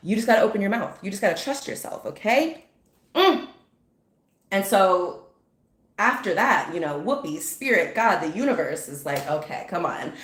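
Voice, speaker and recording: A woman's voice: medium pitch, lively intonation, moderate pace, fairly bright tone. A woman giving a casual spiritual pep talk straight to the listener, emphatic and chatty, often checking in with "okay?". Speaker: spiritual motivational speaker. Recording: roomy echo.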